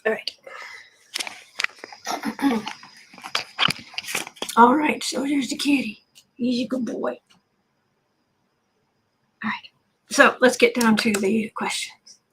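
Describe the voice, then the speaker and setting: A woman hosting a tarot livestream, chatting quickly and bluntly with her viewers. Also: on the high side, creaky, a little hiss or hum. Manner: chatty, fast-talking and blunt. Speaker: tarot reader and livestream host. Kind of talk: casual livestream chat.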